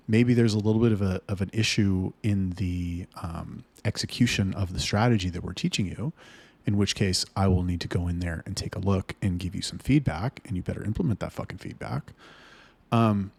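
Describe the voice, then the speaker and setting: A man's voice: low-pitched, a little fast, vocal fry, a little mellow, slightly rough, dry recording. A man talking to camera about managing his sales staff, blunt and heated, swearing often. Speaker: business owner talking to camera. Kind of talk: casual rant to camera.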